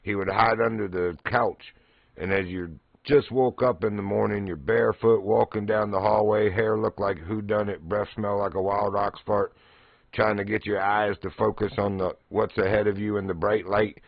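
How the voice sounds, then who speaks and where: A man's voice: fairly low pitch, fairly even intonation, moderate pace, gravelly, no room sound, dull audio. A man streaming, chatting casually while fishing in a game and laughing often as he tells stories.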